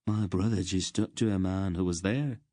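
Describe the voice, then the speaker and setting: A man's voice: deep voice, moderate pace, warm tone, no room sound, clean studio sound. A man voicing a frightened male merchant who means to hide and flee. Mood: fearful.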